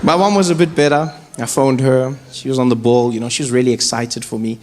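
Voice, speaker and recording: A male stand-up comedian telling stories on a live stage in an animated, playful way, using a handheld mic. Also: mid-range voice, a little fast. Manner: animated, playful storytelling with big vocal swings. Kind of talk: stand-up storytelling. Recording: live comedy club with noise.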